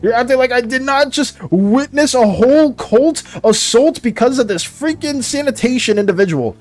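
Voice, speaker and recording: Excitable high-voiced man streaming. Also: normal speed, soft background music. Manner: excitable and dramatic, laughs often. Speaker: art streamer. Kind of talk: casual live-stream chat while drawing.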